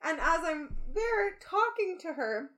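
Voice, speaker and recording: A young woman co-hosting a podcast, telling a story in an animated way and laughing often in casual chat. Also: very high voice, slow pace. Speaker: podcast co-host.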